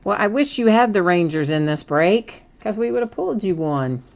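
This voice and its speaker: A woman's voice: medium pitch, animated, normal speed, gravelly. A woman hosting a live trading card break, chatting and thinking aloud with frequent small laughs as she opens packs.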